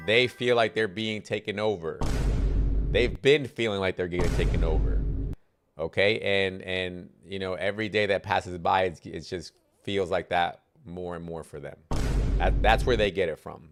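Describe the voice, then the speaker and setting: A man's voice: low-pitched, a little hiss or hum. A man hosting a livestream, reading out viewer comments and arguing back with a preachy, combative manner. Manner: argumentative, preachy, reads comments aloud. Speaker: livestream host answering chat. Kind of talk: casual livestream chat, debating commenters.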